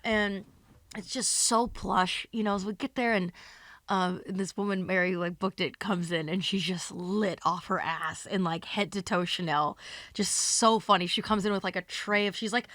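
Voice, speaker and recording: A woman comedian tells a rambling, expletive-laced story to her co-host in a dry, close-miked podcast recording. Her voice sits at an ordinary middle pitch, and she lurches between loud bursts and hushed asides. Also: normal speed, dry recording. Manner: animated, profane, spins long anecdotes. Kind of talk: casual storytelling chat.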